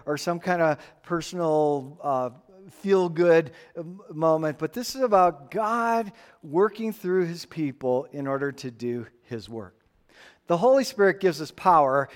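A man preaching a sermon to a congregation in an emphatic, animated way. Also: a little high. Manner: animated, emphatic preaching with playful acted-out voices. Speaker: pastor.

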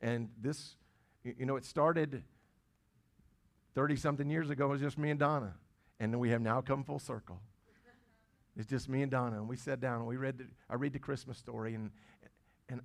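A middle-aged man, a pastor, preaching a sermon in a conversational way, with stammered restarts and phrases repeated for stress. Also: a little high.

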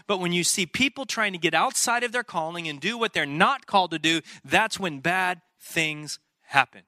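A man's voice: high-pitched, lively intonation, moderate pace, few pauses, bright, forceful tone, no echo, studio quality. A man preaching a sermon in an emphatic, conversational way, full of rhetorical questions. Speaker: pastor.

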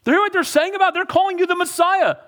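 An indignant religious leader shrieks his outrage in a very high, strained voice, as a preacher puts him on. He fires off scolding questions, pushing hard and loud. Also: fairly even intonation, racing. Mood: outraged.

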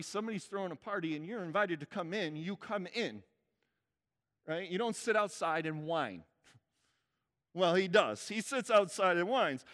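A man's voice: high voice, fairly bright tone. A man preaching a sermon in a conversational way, often checking in with the congregation. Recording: church hall reverb.

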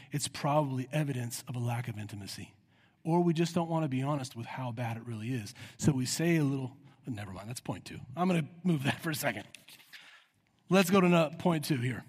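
A man preaching a sermon with earnest emphasis, acting out prayers in a raised voice. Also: fairly high pitch. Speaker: pastor. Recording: long hall reverb.

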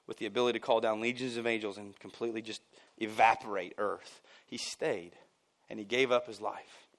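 A man preaching a sermon at a church service. His voice jumps high and loud on his points, then falls low and quiet. Between those points he drops in casual asides with a chuckle. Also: fairly quick. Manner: animated and emphatic, swinging from loud bursts to near-quiet. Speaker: pastor.

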